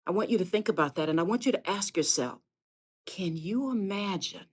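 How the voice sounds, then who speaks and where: A woman with a husky, fairly low voice delivers a live inspirational sermon on her podcast, speaking quickly and with animation. As a host and faith speaker, she addresses her listeners earnestly and directly, repeating phrases with fervent emphasis.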